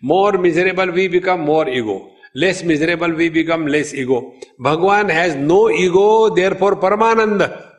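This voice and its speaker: A man with an Indian English accent gives a spiritual discourse in a somewhat high voice. His talk is humorous and full of stories, and he chants verses. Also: moderate pace. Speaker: spiritual teacher.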